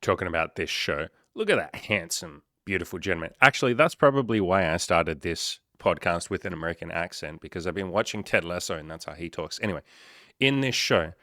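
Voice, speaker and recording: A man with a very low, deep voice talks through a casual solo podcast as a life coach. His delivery is loose, joking and peppered with swearing, wandering off into asides. The sound is dry and close, with no room around it. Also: animated, a little fast, bright, forceful tone, no room sound.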